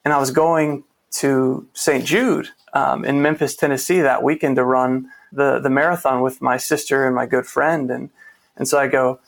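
A man's voice: mid-range voice, fairly even intonation, normal speed, vocal fry. A man guest in a conversation, telling a personal story in an earnest, reflective way, often restarting his sentences. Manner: earnest, reflective, with frequent restarts and quoted dialogue. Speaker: interview guest.

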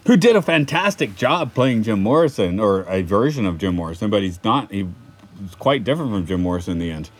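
A man from Atlanta chats casually as a podcast co-host, in a fairly low voice. He rambles through his stories and keeps stopping to correct himself. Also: very animated, fairly quick, husky. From Atlanta, United States. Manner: rambling, self-correcting storyteller. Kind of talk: casual chat.

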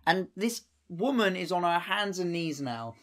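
A man's voice: sits high, lively intonation, a little slow, fairly bright tone. A young man telling a rambling, sweary anecdote in casual chat, full of fillers.

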